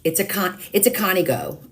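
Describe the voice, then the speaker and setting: A woman hosting a live watercolor stream, chatting casually and teasing herself as she thinks aloud while painting. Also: mid-range voice. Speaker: live-stream craft host.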